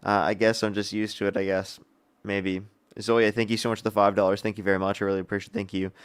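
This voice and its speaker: A young man hosting a live political call-in debate, combative and incredulous with quick retorts. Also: lowish voice, little pitch movement, clear, resonant tone. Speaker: livestream debate host.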